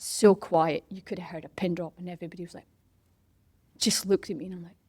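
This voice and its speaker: A middle-aged woman being interviewed, telling a story in a lively, casual way, acting out what other people said and dropping into whispers. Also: lowish voice, fairly quick, husky, no echo. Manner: animated, acts out quoted voices and whispers for effect. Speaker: interview guest, parkrun organiser.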